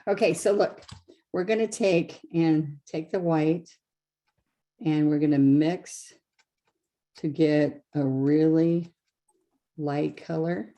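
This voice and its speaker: A woman's voice: sits low, fairly even intonation, slow pace, long pauses, mellow. A woman teaching a live painting class, chatty and explaining each step, often correcting herself as she goes. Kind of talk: live craft demonstration.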